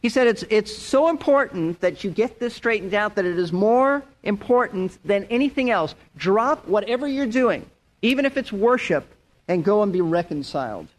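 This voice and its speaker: A man's voice: high voice, expressive, normal speed. A middle-aged man preaching verse by verse in an earnest way, repeating words and acting out the people he quotes. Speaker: pastor. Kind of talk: verse-by-verse sermon.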